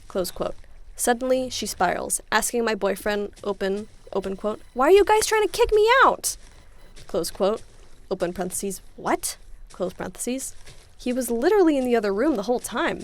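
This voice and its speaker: A young woman reading reddit stories aloud in an expressive way, saying punctuation out loud and adding her own reactions. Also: a little high, gravelly, a little hiss or hum. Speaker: reddit story reader.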